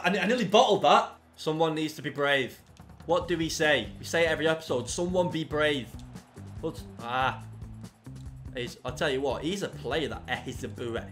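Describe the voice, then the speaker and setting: A young man commentating his own football video game, swinging from low muttering to loud yelling. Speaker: gaming YouTuber. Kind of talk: live gameplay commentary.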